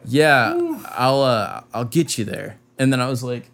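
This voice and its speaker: A young man, a touring musician, telling a story in casual chat, animated and full of slang and swearing, acting out what people said. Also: mid-range voice, measured pace, vocal fry. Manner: animated, heavy slang and swearing, acts out quotes.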